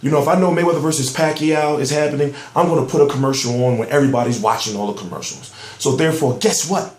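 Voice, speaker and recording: A man's voice: mid-range voice, fast, darkish tone, echoey room. A man giving heated, profane commentary on boxing news in a ranting vlog, amped up and emphatic. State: amped up on soda.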